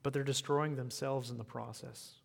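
An American man giving an evening sermon and closing prayer, in an unhurried, earnest way that often repeats words. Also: medium pitch, fairly even intonation, gravelly. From United States. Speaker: preacher. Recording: long reverb of a hall.

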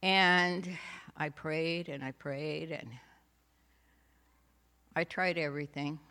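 A woman's voice: deep voice, fairly even intonation, takes it slowly, sharp tone. A woman sharing a personal faith testimony at church in a homey storytelling way, laughing now and then and adding asides. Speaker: church speaker giving a testimony. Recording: long hall reverb.

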